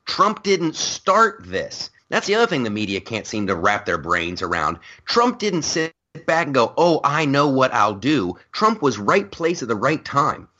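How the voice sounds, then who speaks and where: Man, podcast host, lively swooping delivery, profane and excitable, dull lo-fi sound. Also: mid-range voice, moderate pace, few pauses. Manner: excitable and profane, acts out other people's lines. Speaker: podcast host and stand-up comic. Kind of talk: casual political chat.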